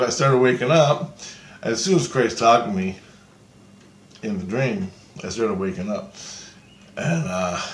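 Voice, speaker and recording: Profane man rambling through a dream story. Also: mid-range voice. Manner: profane, rambling, acts out quotes. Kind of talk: casual storytelling about a dream. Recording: echoey room with faint background noise.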